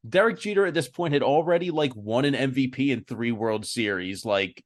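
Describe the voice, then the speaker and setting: A man's voice: mid-range voice, lively intonation, brisk. Man, podcast co-host, casual movie chat, mocking, laughing, profane riffing.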